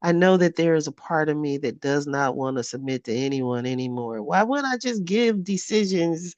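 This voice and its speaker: A woman's voice: low voice, lively intonation, normal speed, a little mellow, no room sound, dull audio. A woman in her fifties reading her own journal aloud in a candid vlog. She talks frankly, swears freely and often laughs at herself. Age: 50s. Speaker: vlogger.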